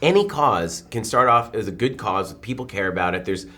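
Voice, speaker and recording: A man in his forties, a film director, telling stories in a press interview and acting out the quotes. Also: lowish voice. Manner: animated, quick storytelling with acted-out quotes.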